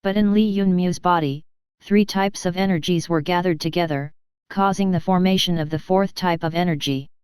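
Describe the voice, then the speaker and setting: A woman narrating a fantasy audiobook in a steady, even reading. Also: fairly low pitch, moderate pace, clean tone, no room sound. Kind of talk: scripted narration.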